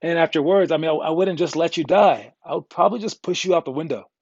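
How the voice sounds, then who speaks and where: A man's voice: on the high side, fast, a little mellow, husky, no echo, highs cut off. A man coaching youth basketball players in a casual, candid way, joking and rambling, with slang thrown in. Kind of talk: casual instructional talk.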